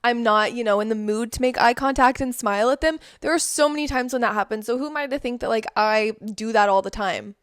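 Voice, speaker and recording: A woman's voice: on the high side, brisk, few pauses, clear, resonant tone, no room sound. Chatty young woman vlogger, dry sound. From Southern United States. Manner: chatty, peppered with "like" and "um". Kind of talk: casual vlog monologue.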